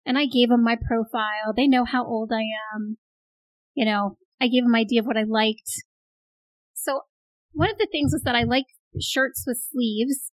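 A woman's voice: fairly high pitch, fairly even intonation, normal speed, dry recording, low-quality recording. A woman co-hosting a casual talk show, teasing her partner with mock sympathy and telling her own stories. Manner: playful, teasing, jokey sympathy. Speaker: podcast co-host. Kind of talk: casual chat.

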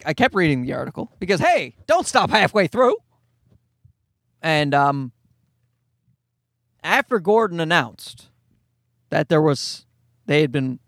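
A man telling a comedic rant with a profane, exasperated, animated delivery. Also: on the high side, no room sound, clean studio sound. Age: adult parent.

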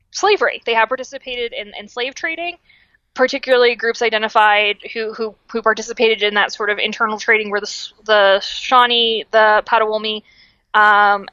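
The speaker is a young adult woman co-hosting a podcast, her voice a little high, casually explaining history with plenty of fillers, restarts and self-corrections in a lively way. The audio is dry and muffled.

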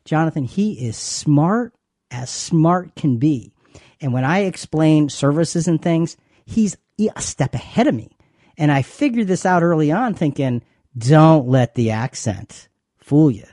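A man's voice: a little high, lively intonation, measured pace, darkish tone, no echo, clean studio sound. A man co-hosting a faith talk show, chatty and given to repeating words as he explains. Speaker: co-host.

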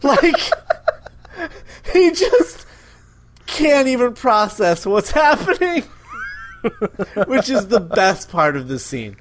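A man's voice: extremely high pitch, huge pitch swings, very slow, long pauses. A man co-hosting a podcast, recapping a story enthusiastically and acting out quotes with laughter. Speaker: podcast co-host. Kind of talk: casual podcast chat.

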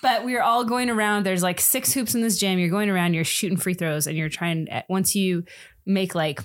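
A middle-aged woman co-hosting a casual faith-based parenting chat, telling stories in an animated, self-deprecating way. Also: mid-range voice, moderate pace. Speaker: podcast co-host.

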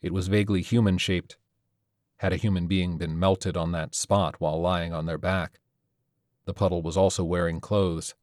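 Deep-voiced male storyteller, dry close sound. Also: no room sound. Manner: steady, measured storytelling. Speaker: narrator. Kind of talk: audiobook narration of a sci-fi horror story.

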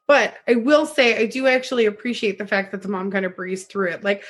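A woman's voice: mid-range voice, steady tone, normal speed, hardly any pauses. A woman talking casually on a podcast, earnestly reflecting and retelling movie scenes. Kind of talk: casual chat.

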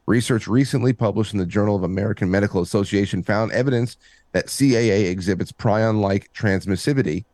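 A man co-hosting a podcast in casual chat, reading articles aloud with halting restarts. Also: fairly low pitch, a little mellow, no echo. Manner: halting, repeats words, reads articles aloud. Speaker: podcast co-host.

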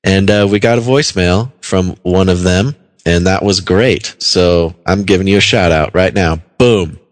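A man's voice: low voice, fairly even intonation, normal speed, dry recording. A man co-hosting a podcast in casual banter, joking and laughing often. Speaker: podcast co-host.

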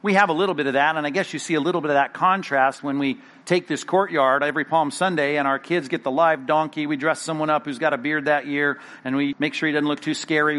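Middle-aged male pastor, slightly high voice, animated conversational sermon delivery. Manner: animated, conversational preaching with acted asides.

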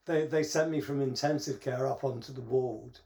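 A middle-aged man with a British accent talks through his stories in a halting, chatty way, chuckling along as he goes. His voice sits at an ordinary middle pitch, and the talk is an easygoing podcast conversation. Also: fairly even intonation, gravelly, darkish tone. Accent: British English. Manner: halting, storytelling, laughs at his own anecdotes. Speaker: podcast co-host. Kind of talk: casual chat.

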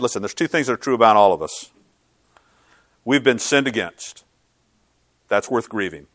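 A man preaching a sermon as pastor, earnest and swinging from loud to hushed. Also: mid-range voice, expressive, normal speed, long pauses, dry recording.

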